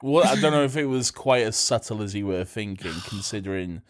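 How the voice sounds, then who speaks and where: A man co-hosting a podcast in casual, sardonic chat with deadpan jokes. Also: on the low side, fairly quick. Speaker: podcast co-host.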